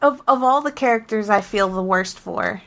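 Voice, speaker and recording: A woman co-hosting a casual game podcast, telling her story with emphatic, animated restarts. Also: medium pitch, normal speed, vocal fry. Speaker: podcast co-host.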